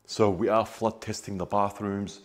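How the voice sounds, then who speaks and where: In this site inspection vlog, a male building inspector tours the job with a lowish, level voice at a normal pace, slight background noise behind him. Chatty but blunt, he calls out each defect with exasperation and openly laughs at the poor work.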